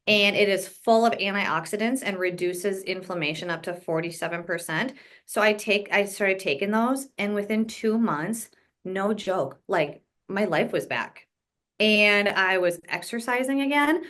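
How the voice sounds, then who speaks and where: A young adult woman talking as an interview guest in a mid-pitched voice. She speaks earnestly and casually, stringing her thoughts together with frequent "like" and "um.". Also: a bit bright. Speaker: podcast guest.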